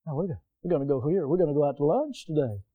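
A pastor voicing a churchgoer who daydreams about lunch, musing and rambling quietly. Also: male voice, a little high, lively intonation, fast talker, no echo, narrow, tinny audio, voice pushed down.

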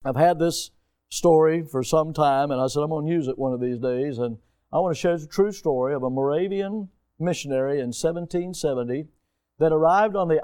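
Man, high-pitched, folksy preacher who keeps quizzing his congregation. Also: warm tone, smooth. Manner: folksy, emphatic, asks the congregation questions. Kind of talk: sermon.

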